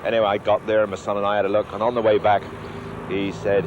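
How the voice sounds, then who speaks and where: A male member of parliament telling a lively canvassing anecdote and mimicking the people in it. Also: lowish voice, fast, muffled recording, noisy background. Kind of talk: anecdote with acted dialogue.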